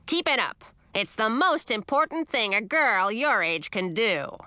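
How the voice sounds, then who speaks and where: A woman's voice: very animated, a little slow, pushed and bright, no room sound, full character voice. A woman voicing a cranky, bossy old witch grandmother who barks and sneers in a storybook reading. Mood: scornful. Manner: barking, scornful, shrill at times.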